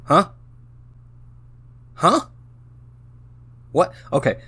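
A man's voice: on the high side, big pitch swings, extremely slow, pushed and bright, husky. A tipsy man reads an AI-written story aloud, breaking off into baffled exclamations. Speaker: host reading out an AI-written story. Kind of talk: casual reading aloud with running commentary.

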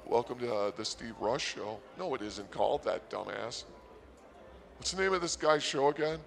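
A man's voice: mid-range voice, lively intonation, normal speed, vocal fry, a bit bright, slight background noise. A man hosting a comedy podcast, rambling sarcastically and mock-boastfully about his day at a casino.

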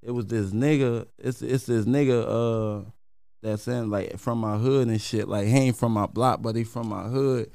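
Baltimore rapper telling a story, animated. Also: male voice, medium pitch, normal speed, vocal fry. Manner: animated, slangy, acts out quotes in raised voice. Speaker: guest rapper. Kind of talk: casual storytelling.

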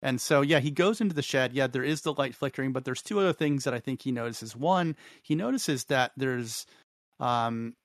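A man co-hosting a podcast, recapping a show in a thoughtful, halting way with many restarts. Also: medium pitch, no room sound. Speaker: podcast co-host. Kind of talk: casual recap chat.

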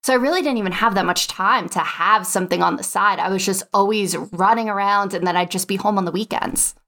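A young adult woman guest on an interview show, telling her story in a chatty, lively way and filling it with "like.". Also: mid-range voice, fairly quick. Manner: chatty, lively, acts out quotes, says "like" a lot. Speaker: podcast guest, online spreadsheet teacher. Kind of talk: animated personal storytelling.

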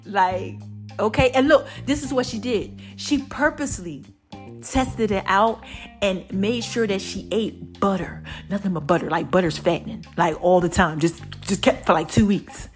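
A Brooklyn woman hosts a casual motivational podcast, sounding short of breath as she chats, preaches, and occasionally breaks into snatches of song. Her voice is medium-pitched at a normal pace, with soft music in the background.

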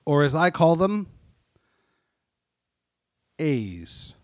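A man hosting a live comedy night on a stage mic, telling halting pun-based one-liners. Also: fairly high pitch, animated, a bit bright, no echo. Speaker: comedy show host. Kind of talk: stand-up emcee. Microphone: stage microphone.

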